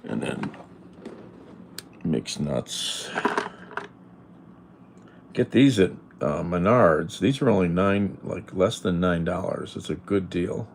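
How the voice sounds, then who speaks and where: Pausing often, a man streams from home in a low, animated voice with vocal fry and an unhurried pace. He rambles loosely while reading chat and answers comments bluntly, against slight background noise.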